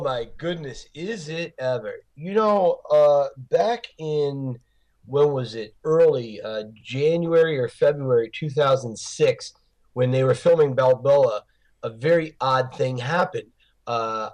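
A man who gives film tours, chatting in an interview as an animated storyteller with many fillers and restarts. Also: medium pitch. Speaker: Rocky film tour guide. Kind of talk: casual interview chat.

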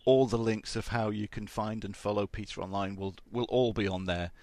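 A man's voice: fairly low pitch, fairly even intonation, a little mellow, dry recording. A man hosting an interview, eagerly asking questions and gushing as a longtime fan. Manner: enthusiastic fan, backchannels and quick agreement. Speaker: podcast host.

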